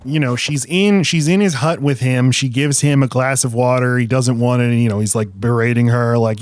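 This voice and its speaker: A man co-hosting a podcast, explaining his views in a steady, thoughtful way. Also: medium pitch, brisk, few pauses, no room sound. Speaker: podcast co-host. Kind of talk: casual chat.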